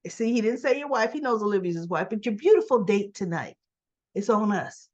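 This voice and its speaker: Recapping a soap opera episode in a relaxed, chatty way, this woman tacks a quick "right?" onto her points and frequently fixes herself mid-sentence. Her mid-range voice is animated with a darkish tone, heard through a muffled recording.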